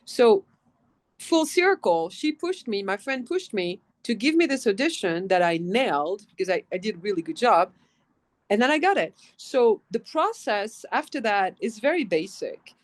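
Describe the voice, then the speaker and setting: Woman, French accent, casual interview, animated storyteller, swears freely. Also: medium pitch, normal speed. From France. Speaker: guest voice actress.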